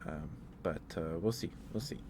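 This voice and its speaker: A man streamer ending his stream, talking softly and rambling with fillers, his throat dry and his voice wearing out. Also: low voice, moderate pace, background noise. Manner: soft-spoken, rambling with fillers. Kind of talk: end-of-stream chat. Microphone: headphones and desk mic.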